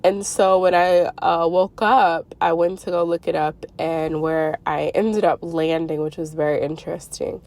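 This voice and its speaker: A congested woman telling a long, rambling story in a casual monologue, full of fillers and slow stretched words. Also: deep voice, a little mellow, no room sound. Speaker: spiritual YouTuber. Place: Arizona.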